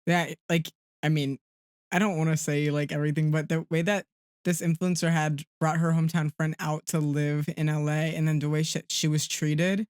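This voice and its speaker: A young man co-hosting a podcast, sharing earnest opinions in a casual, halting way. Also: fairly high pitch, little pitch movement, smooth, no echo, studio quality. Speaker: podcast co-host. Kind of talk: casual chat.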